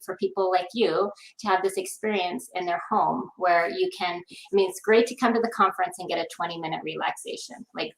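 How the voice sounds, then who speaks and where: Woman guest, low gravelly voice, rambling upbeat talk, echoey room. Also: fairly bright tone. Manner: rambling, upbeat, many fillers. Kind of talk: casual video call pitch.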